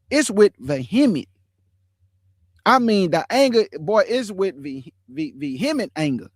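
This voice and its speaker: A man hosting an online show, chatting casually about scripture in relaxed slang and calling his viewers family. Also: high-pitched, moderate pace, dry recording. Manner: laughs often while telling stories. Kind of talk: casual livestream chat on scripture.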